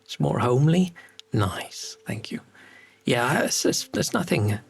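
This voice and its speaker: A man with a South African English accent and an Afrikaans mother tongue, talking in a loose, rambling game-stream chat. His voice is gravelly and a bit husky, with faint game music playing underneath. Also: fairly high pitch, expressive, normal speed. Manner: rambling, musing aloud.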